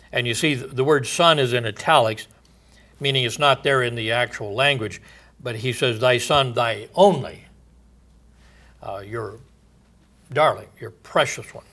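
A man teaching from the Bible in a sermon, reading verses aloud with emphasis and pausing with many fillers. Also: mid-range voice, sharp tone.

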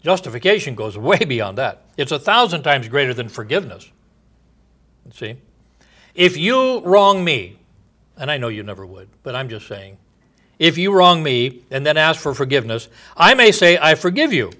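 A male pastor preaching a sermon, his voice bright and forceful and set a little higher than most men's. He reads scripture aloud and presses his points with emphatic rhetorical questions. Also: sing-song, moderate pace.

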